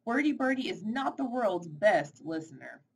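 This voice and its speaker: A woman reading a children's picture book aloud in an expressive, animated way. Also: mid-range voice, normal speed, noisy background. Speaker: storybook reader.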